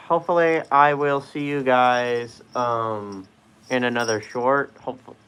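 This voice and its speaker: A man's voice: mid-range voice, fairly bright tone, a little hiss or hum. A man in a fursuit, chatting casually on a live stream, hesitant and full of fillers as he asks viewers for questions. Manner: hesitant, filler-heavy, trailing off. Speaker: fursuit livestreamer. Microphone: wearing a fursuit head.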